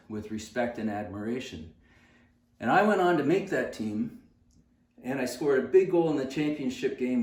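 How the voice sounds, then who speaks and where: An earnest man in his sixties tells a story in a conversational way. His pitch sits in the middle range. The sound is roomy and comes from some distance. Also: darkish tone. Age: 60s. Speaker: fitness channel host. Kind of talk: personal storytelling.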